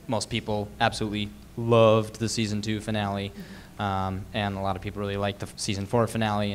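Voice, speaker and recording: A man with a slightly low voice asking a panel an earnest, rambling question, full of fillers. Faint room ambience sits behind him. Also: a little hiss or hum. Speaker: audience member asking a question.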